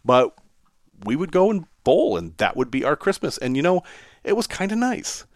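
A man's voice: medium pitch, no echo, studio quality. A man, telling personal stories as a podcast host in a casual monologue and chuckling often. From Massachusetts, USA.

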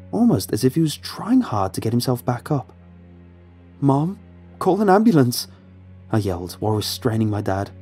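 A man narrates a first-person horror story in a measured, suspenseful manner. His voice is mellow and low in brightness, with lively swings of pitch. Quiet music runs in the background. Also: slightly rough. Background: faint music.

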